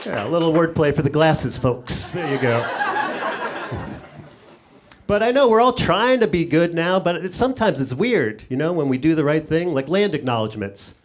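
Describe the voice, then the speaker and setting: A sarcastic male stand-up comedian working a club crowd, his voice sitting a little high for a man. His pitch leaps higher for punchlines and the voices he acts out. The live recording carries a steady layer of noise behind him. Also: moderate pace. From United States. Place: comedy club stage before a laughing audience.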